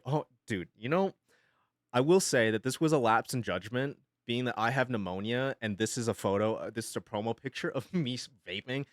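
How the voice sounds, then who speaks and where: A man's voice: medium pitch, dry recording, studio quality. A young man chatting casually on a live stream from his home setup, rambling, swearing freely and laughing often.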